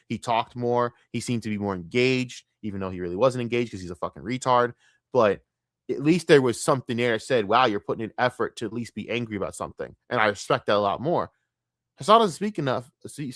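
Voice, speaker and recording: A man's voice: medium pitch, expressive, a little fast, fairly bright tone, dry recording, clean studio sound. A man streaming a reaction, ranting bluntly and scornfully with heavy swearing. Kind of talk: profane reaction rant.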